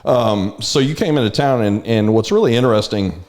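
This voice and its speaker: A man's voice: on the low side, a little fast, darkish tone. A man hosting a community podcast, interviewing his guest in a rambling, easygoing way full of restarts. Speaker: podcast host. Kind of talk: casual interview.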